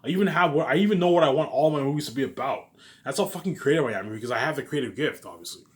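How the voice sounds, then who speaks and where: A man's voice: medium pitch, animated, racing. A young man in a rambling casual monologue, boastful, swearing, repeating and restarting his phrases. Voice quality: repetitive, restarts phrases often. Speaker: vlogger pitching his movie ideas.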